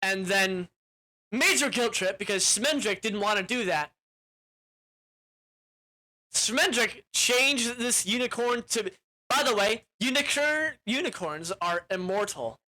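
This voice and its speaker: Bright-voiced young man rambling through a recap. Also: high-pitched, expressive, takes it slowly, long pauses. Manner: rambling, crude, with frequent "like" fillers. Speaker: movie reviewer. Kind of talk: casual movie recap.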